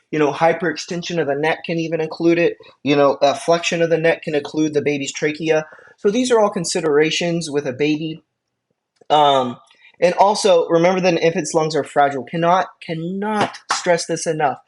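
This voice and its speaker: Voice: medium pitch, a little mellow. An EMT course instructor giving a classroom lecture in a casual, chatty way, with conversational asides and frequent check-ins with the class.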